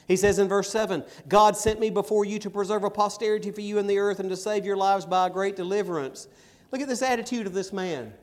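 A middle-aged man preaching and reading scripture aloud, his voice sitting a little higher than most men's. He presses hard on key words, then drops to quiet, personal asides. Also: quick pace. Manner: emphatic, swings between loud stresses and quiet asides. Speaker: pastor.

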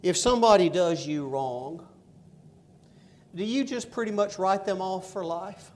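A middle-aged man preaching a sermon and reading scripture, with emphatic stresses and quiet asides. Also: high-pitched, unhurried. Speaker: pastor.

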